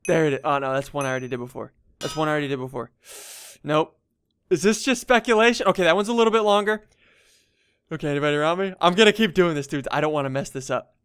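A young man doing casual gameplay commentary as a gaming YouTuber, muttering to himself and then bursting into excited yells. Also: fairly high pitch, smooth, no room sound, clean studio sound. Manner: excitable, swings from muttering to yelling.

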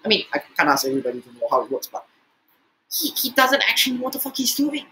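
A man giving profane, exasperated reaction commentary, swearing often and jumping in pitch. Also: very animated, fast, pushed and bright, slight background noise, low-quality recording. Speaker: reaction video host.

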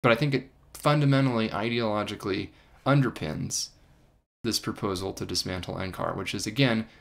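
A man's voice: lowish voice, fairly quick, creaky, fairly bright tone. Earnest man on a science livestream. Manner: earnest, emphatic, repeats points for stress. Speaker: climate scientist livestream host. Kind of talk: livestream commentary. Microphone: livestream microphone.

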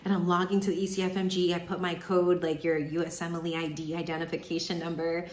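A young woman telling a personal story in a casual vlog, chatty and animated, acting out what she and others said. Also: lowish voice, fast, hardly any pauses, roomy sound, a little hiss or hum. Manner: chatty, animated retelling with quoted inner voices. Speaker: vlogger, medical student.

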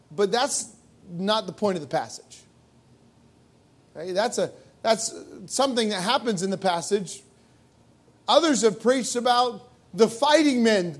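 A male pastor preaching a sermon in a church, emphatic and full of rhetorical questions. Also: very high voice. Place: church sanctuary.

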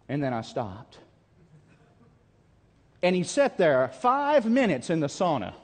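A man with a high voice preaches a camp meeting sermon and reads scripture dramatically. He keeps calling questions out to his listeners. His voice rings with the long reverb of a large hall. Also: big pitch swings, moderate pace, pauses often, a little mellow. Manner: dramatic, calls out questions to the audience.

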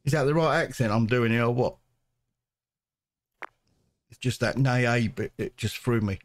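A man's voice: medium pitch, a little slow, a little hiss or hum. A man hosting his own gaming channel, chatting and joking to himself while he plays. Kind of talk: let's play commentary.

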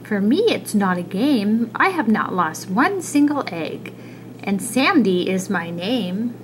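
A woman doing a calm, firm mother turtle. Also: mid-range voice, slow, a little hiss or hum, low-quality recording.

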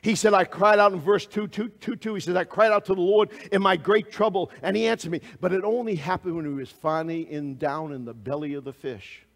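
Male preacher, high voice, dynamic sermon delivery, loud peaks and quiet asides. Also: a little fast, hardly any pauses, long reverb tail. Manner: dynamic preaching that swings between loud exclamations and hushed asides; asks the congregation direct questions.

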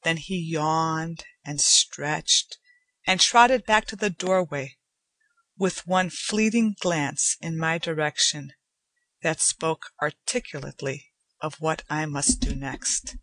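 A woman reading a short story aloud at a very slow, unhurried pace. Her voice sits low and steady, measured and somber. The recording is close and dry, with no room sound. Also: no echo. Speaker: audiobook narrator. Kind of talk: scripted narration.

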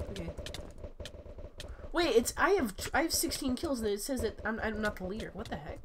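A woman giving excitable, chatty gameplay commentary while sick, her voice cracking often. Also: on the high side, brisk, background noise. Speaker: gaming channel host.

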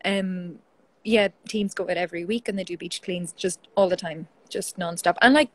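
An Irish woman, a guest in a casual interview, telling stories in a lively, chatty way over a video call. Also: fairly low pitch, normal speed, poor audio. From Ireland.

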